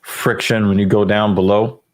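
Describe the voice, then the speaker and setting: A man's voice: lowish voice, level tone, moderate pace. Young man joking through crude banter. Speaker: podcast host. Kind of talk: casual podcast chat.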